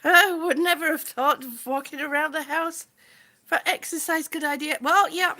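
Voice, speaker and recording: Walking around her home while livestreaming, a woman with a high voice talks into a phone on a gimbal at a normal speed. A vlogger in chatty stream mode, she is slightly out of breath and warmly greets viewers by name, calling them sweetie.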